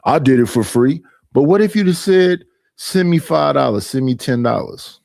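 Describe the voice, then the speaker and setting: A man's voice: fairly high pitch, lively intonation, normal speed, creaky, a little mellow, dry recording, clean studio sound. Aggrieved middle-aged man ranting on stream. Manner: aggrieved, repetitive, mimics others in quoted voices. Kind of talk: casual livestream rant.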